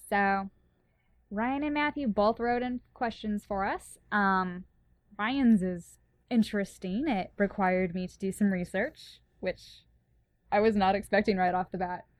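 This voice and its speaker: A woman's voice: mid-range voice, slow pace, a bit bright, no echo. A young woman co-hosting a casual podcast, playful and giggly with mock-serious asides. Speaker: podcast co-host and audio engineer. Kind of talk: casual comedic podcast chat.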